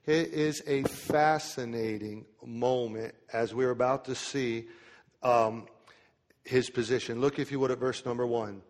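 A male preacher delivers a sermon, slowing down to read scripture aloud and then explaining it in everyday speech. His voice sits at an ordinary middle pitch. A long reverb trails his words through the church. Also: steady tone. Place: church sanctuary.

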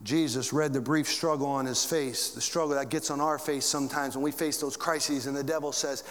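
A preacher in a reverberant hall. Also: male voice, steady tone, fairly quick, few pauses. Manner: preaching with big swings in pitch and volume. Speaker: pastor. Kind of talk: sermon. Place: church.

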